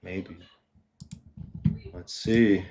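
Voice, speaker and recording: A man's voice: deep voice, fairly even intonation, extremely slow, a little mellow, a little hiss or hum. A man co-hosting a podcast in casual chat, rambling with lots of fillers, swearing and laughing often. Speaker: podcast co-host.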